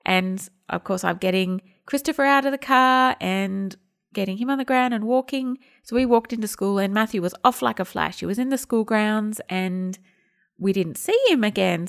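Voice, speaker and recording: A woman's voice: medium pitch, gravelly. A woman in her thirties hosting a podcast, telling a family story in a casual, chatty way and acting out the dialogue. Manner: chatty, acts out quoted dialogue. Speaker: podcast host and home detox teacher.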